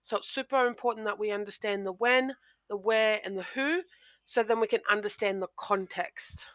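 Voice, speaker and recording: A woman's voice: medium pitch, moderate pace, a bit bright, no room sound. A woman teacher explaining poetry in a recorded lesson, talking into a close microphone with frequent ums and restarts.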